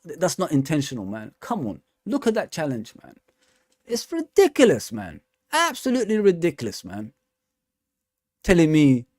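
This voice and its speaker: A man's voice: a little high, no room sound, studio quality. Ranting man, fan stream host. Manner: ranting, repeats "man" and "come on". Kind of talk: casual live-stream football talk.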